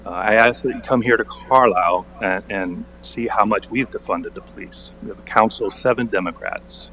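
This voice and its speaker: A man with a very low voice reads a prepared statement at a council meeting. He stays pointed and sarcastic and leans hard on his key words. A faint hum runs under the recording. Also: normal speed, low-quality recording. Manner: pointed, sarcastic, building to forceful emphasis. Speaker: borough council member.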